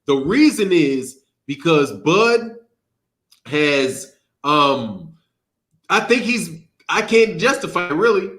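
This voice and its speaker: Bright-voiced joking man host. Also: on the high side, sing-song, slow. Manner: joking, teasing, loose banter. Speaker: boxing show host. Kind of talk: casual sports talk.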